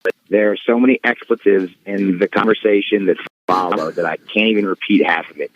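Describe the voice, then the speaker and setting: A low-voiced man tells a story as an interview guest, casual and animated. The sound is dull and bone dry, with no room at all. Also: brisk, no echo. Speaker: guest wrestler.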